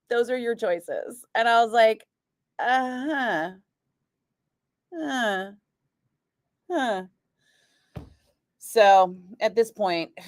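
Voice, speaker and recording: A woman radio DJ chatting casually, telling an animated story and acting out what others said, with lots of "like" fillers. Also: mid-range voice, dry recording, clean studio sound. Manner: animated, acts out quoted voices, frequent "like". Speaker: radio DJ chatting with a live stream. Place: radio studio. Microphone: studio microphone.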